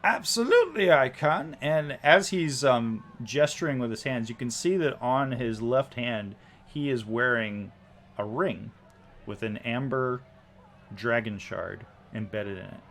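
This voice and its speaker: A man with a medium-pitched, slightly bright voice runs a tabletop game as narrator. He stops often, with frequent ums and restarts.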